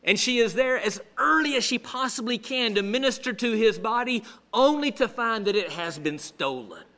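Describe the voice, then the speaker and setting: A male pastor preaching a sermon with humorous storytelling, animated but dropping to a hush at solemn moments. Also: very high voice, moderate pace.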